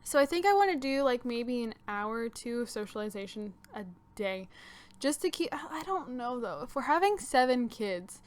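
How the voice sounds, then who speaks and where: A woman's voice: a little high, lively intonation, moderate pace, clean tone. A young woman casually commenting on her own gameplay, thinking aloud with lots of fillers as she decides what to do next. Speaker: gaming channel host. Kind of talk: casual let's-play commentary.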